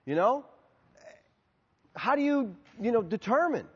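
A male pastor answers questions from the pulpit, his pitch rising and falling as he tells stories and plays every part himself. His voice is high and a little husky. It rings out into a big reverberant hall on a dull, muffled recording. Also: a little slow. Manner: animated storytelling, acting out both sides of dialogues. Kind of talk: sermon Q&A.

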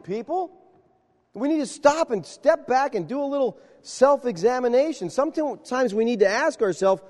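A man preaching a sermon, telling stories with animated acted-out dialogue. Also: very high-pitched, fairly quick, big-room sound. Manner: animated storytelling, acts out dialogue. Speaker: pastor.

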